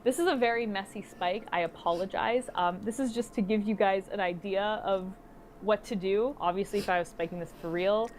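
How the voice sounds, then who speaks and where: A woman's voice: mid-range voice, brisk, a little mellow, a little hiss or hum. Hesitant, apologetic woman doing a tutorial. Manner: apologetic, hesitant, with frequent ums. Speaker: wig tutorial host. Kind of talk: casual tutorial talk.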